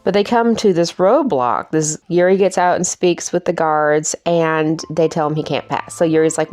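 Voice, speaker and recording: A woman's voice: deep voice, moderate pace, hardly any pauses, darkish tone, soft background music. A woman giving a casual, chatty movie review, self-mocking and laughing at her own jokes.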